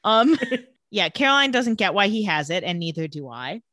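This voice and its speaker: A woman with a bright, forceful voice retells a TV episode in casual chat. She is animated and slips into the characters' lines as she goes. The recording is dry and close, with no room sound. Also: medium pitch, normal speed, no room sound.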